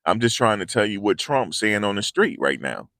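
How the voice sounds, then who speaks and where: With a sing-song, slightly bright voice on the low side at normal speed, this man hosts a casual commentary video. The studio-quality recording has no room sound, and his delivery is loose, slangy and repetitive.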